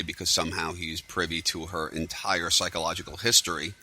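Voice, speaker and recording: Man, low pitch, bright forceful tone, casual rambling, sarcastic. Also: level tone, normal speed, few pauses, no echo. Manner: rambling, sarcastic, many fillers. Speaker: TV recap vlogger. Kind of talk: casual spoiler recap.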